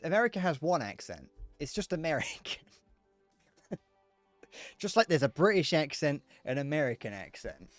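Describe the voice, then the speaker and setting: A young Northern Irish man livestreams a game, chatting casually with viewers, rambling and laughing at his own jokes. His voice is a little high and very animated, with moderate pace and frequent pauses. The recording is dry, with soft music underneath.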